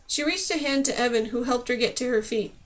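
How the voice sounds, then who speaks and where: A woman narrating a fantasy audiobook with expressive storytelling. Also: fairly high pitch, fairly quick.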